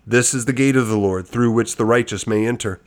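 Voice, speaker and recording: A man reading scripture aloud at a measured, steady cadence, then adding a brief reflection. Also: medium pitch. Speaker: Bible reader.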